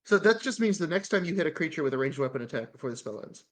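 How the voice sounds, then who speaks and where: A chatty man plays in a casual tabletop game, eager and quick to bargain. His voice sits a little higher than most men's. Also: expressive. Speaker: player.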